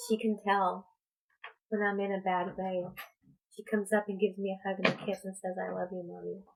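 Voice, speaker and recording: A woman speaking as a spiritual coach in a personal vlog, talking in a slow, halting, reflective way. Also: mid-range voice, level tone, low-quality recording. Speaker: spiritual coach and tarot reader.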